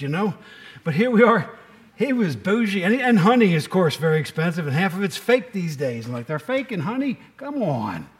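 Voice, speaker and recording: A middle-aged man preaching a sermon as pastor, telling the story with lively asides and jokes. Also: a little high.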